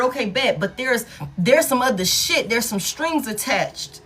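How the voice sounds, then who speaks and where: A woman's voice: a little high, animated, a little slow, fairly bright tone. A woman giving a casual tarot reading, blunt and profane, repeating key lines for emphasis and laughing often. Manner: laughs often between remarks. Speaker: tarot reader.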